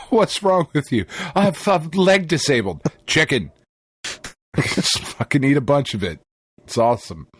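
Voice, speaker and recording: A man's voice: a little high, animated, slow pace, pauses often, breathy edge. A man co-hosting a podcast, telling a story in casual, profane chat and laughing often. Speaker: podcast co-host.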